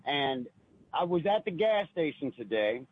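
A man's voice: on the high side, big pitch swings, measured pace, breathy edge. A man calling in to a radio show, telling an earnest, emotional personal story and often repeating himself, heard over a phone line. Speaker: caller. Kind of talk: call-in radio testimony.

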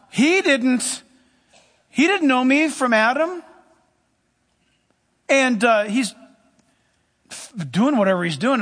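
High-voiced man preaching in a reverberant hall. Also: a bit bright. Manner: emphatic storytelling, pitch swings high and low. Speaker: pastor. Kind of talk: sermon.

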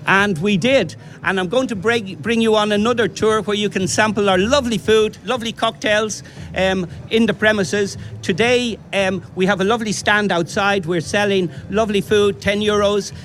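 A man's voice: high-pitched, steady tone, normal speed, a bit bright, a little hiss or hum. A man from Dublin with a posh Irish accent, a restaurant owner giving an enthusiastic, promotional radio interview in a strong voice. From Dublin, Ireland.

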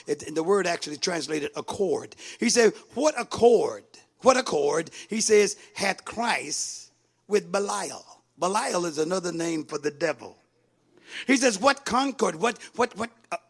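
A preacher with a very high, gravelly voice and a bright, sharp edge to it. He delivers his sermon in an animated style and keeps calling out to the congregation.

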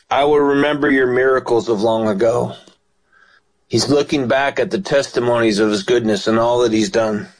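An earnest male preacher on a radio broadcast, reading scripture and then praying over his listeners. His voice sits at an ordinary middle pitch. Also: poor audio. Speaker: radio ministry host. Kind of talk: radio sermon and prayer.

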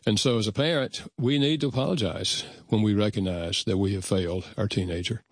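Low-voiced older man telling stories earnestly. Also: slightly rough, no echo, clean studio sound. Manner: earnest, measured, acts out remembered dialogue. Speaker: guest author. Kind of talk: reflective storytelling in conversation.

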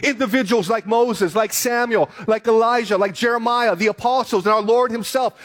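High-voiced preacher. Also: male voice, normal speed. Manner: reads scripture aloud, then preaches with repetition and emphasis. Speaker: pastor. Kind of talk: sermon.

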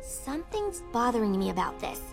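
A woman's voice: on the high side, big pitch swings, brisk, creaky, music in the background. A woman voicing a brave, bossy girl sleuth in an audio drama. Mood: determined. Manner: firm, no-nonsense. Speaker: narrator.

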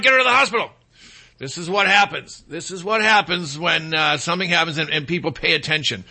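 A man's voice: on the high side, bright, forceful tone. A man hosting a talk radio show, delivering an opinionated monologue in a sarcastic tone and mocking people with put-on voices.

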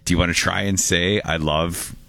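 A man's voice: sits low, steady tone, normal speed, vocal fry, bright, forceful tone, no room sound. A man hosting a radio show, chatting playfully with many restarts and laughs. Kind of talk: casual on-air banter.

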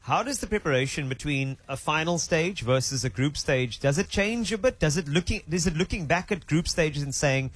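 A man hosting a radio show, energetic and playful, joking with his guests in the studio. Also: a little high, breathy edge, dry recording. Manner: energetic, playful, quick to joke. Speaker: radio host. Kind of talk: upbeat radio banter. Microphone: studio microphone.

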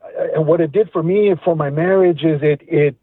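A man's voice: on the high side, a little fast, dry recording. A middle-aged man calling in to a radio show, earnest and reflective, restarting his words as he thinks. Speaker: caller. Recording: tinny phone line.

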